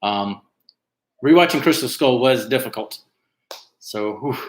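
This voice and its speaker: Chatty trivia host in an echoey room. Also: male voice, medium pitch, expressive, measured pace. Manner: chatty, reads out team names, frequent "uh" fillers. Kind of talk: casual livestream chat.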